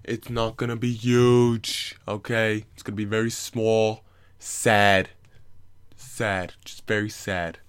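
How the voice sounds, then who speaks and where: A man mimicking a pompous older politician who stretches out his words and repeats himself with total self-assurance. The voice sits low and sounds smooth and clear. It comes across as a casual spoof inside a comic monologue. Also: level tone. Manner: drawn-out, repetitive, self-assured.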